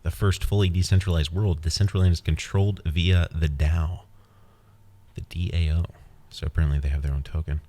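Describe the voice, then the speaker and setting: A man's voice: low-pitched, fairly even intonation, brisk, dark tone. A man hosting a podcast, rambling playfully and guiding the listener through an imagined scene. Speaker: podcast host. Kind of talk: casual podcast monologue.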